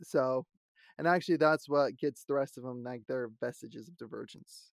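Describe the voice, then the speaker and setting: A man's voice: mid-range voice, moderate pace, creaky, dry recording, clean studio sound. A man co-hosting a casual podcast chat about a fantasy show, laughing often and squealing out quotes. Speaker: podcast co-host.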